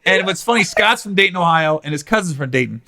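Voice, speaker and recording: A man's voice: high-pitched, quick pace, over a noisy crowd. A man in his forties hosting a podcast, telling a story in casual chat and swearing freely. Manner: animated, acts out other people's voices in quotes, swears freely. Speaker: podcast host.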